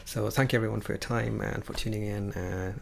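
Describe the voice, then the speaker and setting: A man's voice: lowish voice, brisk, gravelly. A man hosting a live stream, giving casual, rambling closing remarks. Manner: relaxed, rambling sign-off with fillers.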